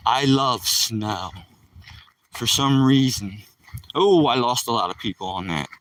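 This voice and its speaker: A man rambles casually to his live-stream viewers as he walks outdoors on a country dirt road. His voice sits at a middling pitch and sounds dry, with the phone mic held a little away from him. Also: expressive, measured pace, fairly bright tone, no room sound, distant mic, poor audio. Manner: chatty, loose, talks to viewers in the chat. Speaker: vlogger live streaming a dog walk.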